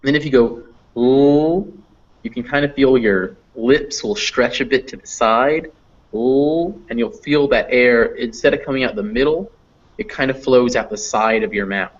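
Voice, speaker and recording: A man's voice: mid-range voice, normal speed. Male online teacher, patient and explanatory, mid-range voice, muffled call audio. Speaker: online English phonetics teacher. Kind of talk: live online class explanation. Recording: dull lo-fi online class audio.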